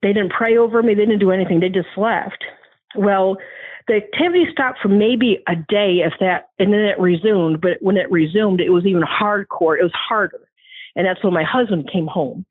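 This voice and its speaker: Over a tinny phone line, a woman with a mid-range voice speaks at a moderate pace, with no room sound. She's a guest earnestly telling of a frightening personal ordeal, often restarting and acting out what others said to her, in an emotional personal testimony.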